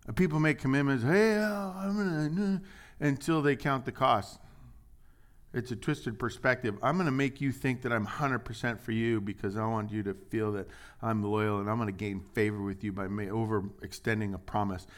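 A man preaching a sermon, reading scripture and acting out quotes, shifting between loud, raised lines and quiet asides. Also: lowish voice, fairly even intonation, normal speed. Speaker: pastor.

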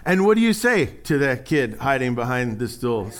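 A middle-aged man preaching a sermon, animated and joking, acting out voices as he tells stories. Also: mid-range voice, normal speed. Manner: animated storytelling, acts out voices, jokes and sarcasm. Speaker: pastor.

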